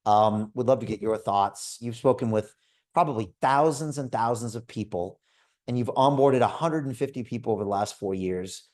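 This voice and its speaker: Persuasive man pitching on a video call. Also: normal speed. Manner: energetic, persuasive, storytelling. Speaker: host. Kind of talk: sales pitch to a live call.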